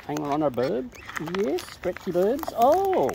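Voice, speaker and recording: A vlogger feeding wild birds outside chats to them in baby talk, cooing and teasing playfully. Her medium-pitched voice swoops wildly and is gravelly, slow, with hardly any pauses. The outdoor recording is noisy, full of bird chatter and clicks.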